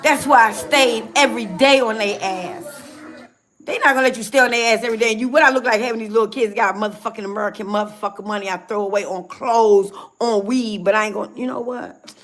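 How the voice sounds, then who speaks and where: Woman venting angrily on a live stream, cursing constantly, voice sits a little high. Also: quick pace, a bit bright. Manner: furious, profane, venting. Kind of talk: angry livestream rant.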